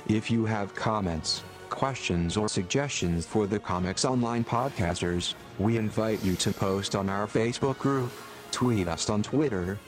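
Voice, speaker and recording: Robotic male disclaimer voice over music. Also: lowish voice. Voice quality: robotic synthesized voice. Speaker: disclaimer announcer. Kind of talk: scripted announcement.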